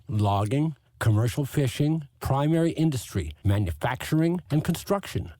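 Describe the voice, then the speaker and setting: A man ranting abrasively on a podcast, with a dark, mellow tone to his voice. He sneers and swears all the way through his monologue, recorded dry and close to the mic. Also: mid-range voice, no echo. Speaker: podcast segment host. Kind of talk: profane comedic rant.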